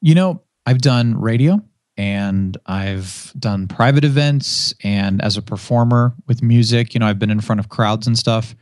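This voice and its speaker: A man with a fairly low voice speaks at a measured pace in clean studio audio with no echo. A former radio DJ, he chats casually as a podcast guest, animatedly telling stories and performing the voices of the people in them.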